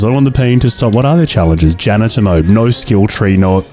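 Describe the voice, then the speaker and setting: A man's voice: fairly low pitch, lively intonation, a little fast, warm tone. A young man giving let's-play commentary, jokey and mock-dramatic about his own failures, with faint game music behind him. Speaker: gaming video creator.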